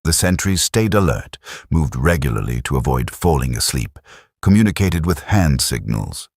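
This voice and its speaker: A man reads a war story in a steady, measured storyteller's voice. The voice is extremely deep and husky, with lively rises and falls in pitch. The recording is dry and close, with no room sound. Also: no echo. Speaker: narrator. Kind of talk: scripted story narration.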